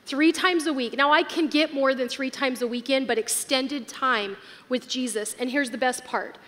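High-voiced woman preaching in a hall. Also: fairly even intonation, moderate pace, a bit bright. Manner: earnest, emotional, chatty. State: tearful at times. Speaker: pastor. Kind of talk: sermon. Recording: live hall with long reverb, faint music.

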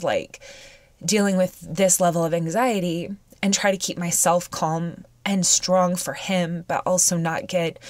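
A woman hosting a podcast, telling a personal story in a halting, emotional way with many fillers and restarts, sounding weepy. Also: on the low side, dry recording. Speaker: podcast host.

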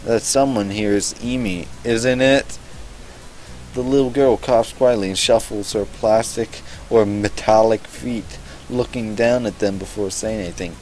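A young man with a low voice reads a visual novel aloud for a let's-play. He breaks in with sarcastic asides and plenty of swearing. The commentary is loose and casual. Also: fairly even intonation, normal speed, darkish tone, slight background noise, poor audio.

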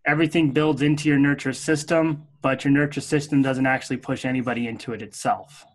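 A man co-hosting a casual business talk show, explaining his points in a direct, steady way. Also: mid-range voice, a little fast, poor audio. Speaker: podcast co-host.

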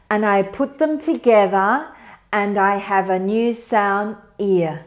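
Patient woman teaching pronunciation slowly. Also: medium pitch. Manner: patient, encouraging, models sounds slowly. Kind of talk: slow, clear pronunciation lesson.

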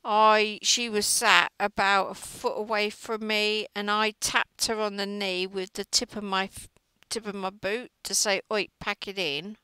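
A woman's voice: medium pitch, flat delivery, measured pace, few pauses, pushed and bright, clear, resonant tone, no room sound, low-quality recording. A middle-aged woman chatting and gossiping while she crochets, often trailing off mid-sentence. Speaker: crochet vlogger. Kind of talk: casual chat while crocheting.

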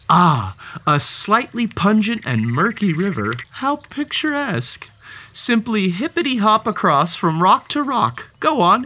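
A woman's voice: mid-range voice, sharp tone, a little hiss or hum. Playful woman reading a storybook. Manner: playful, theatrical, talks to the character with gasps and exclamations. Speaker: storybook reader. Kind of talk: children's read-aloud storytelling.

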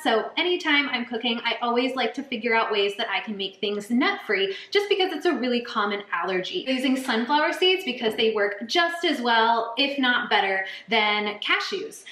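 A woman's voice: a little high, fairly bright tone. Bubbly young woman in an echoey kitchen. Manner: bubbly, chatty, addresses viewers directly. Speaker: cooking channel host. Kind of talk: casual cooking tutorial. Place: home kitchen.

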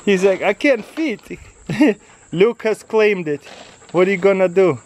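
A high-voiced man talks slowly and easily as he films his dogs outside, laughing a lot while he coaxes and praises them. Loud outdoor noise sits behind him, with crickets and passing cars. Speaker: dog owner vlogging his huskies. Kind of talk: casual outdoor vlog, talking to his dogs. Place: outdoors in a yard.

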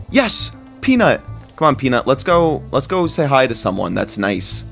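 A man giving excitable, jokey commentary while playing a survival game, squealing high whenever he is delighted. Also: moderate pace, creaky, soft background music. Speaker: gaming video creator.

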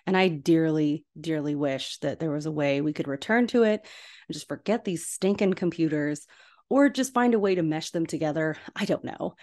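A young woman talks through a film rewatch in a relaxed, chatty podcast style. Her voice sits a little low for a woman, and she gushes with enthusiasm as she goes. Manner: gushing, enthusiastic, chatty with laughs. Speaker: podcast host. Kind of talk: casual film rewatch commentary.

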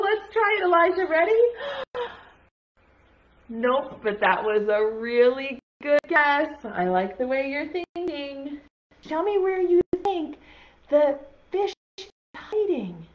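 A woman's voice: high-pitched, muffled recording. A young woman teaching a virtual preschool class, playful and encouraging, praising children's guesses in a sing-song way.

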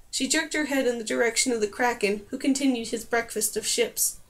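A woman narrating a fantasy novel aloud as an audiobook, in a steady storytelling voice. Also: on the high side, fairly quick, hardly any pauses.

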